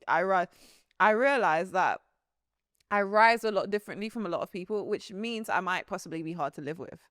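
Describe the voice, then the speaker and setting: A young woman co-hosting a podcast in casual chat, animated and laughing often as her sentences tumble out. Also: fairly low pitch, fairly quick, no room sound, studio quality. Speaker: podcast co-host.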